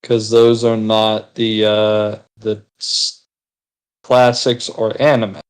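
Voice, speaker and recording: A man's voice: on the low side, level tone, takes it slowly, smooth, rough recording. A man chatting casually with friends while gaming, rambling and teasing with casual swearing. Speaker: gaming video co-host.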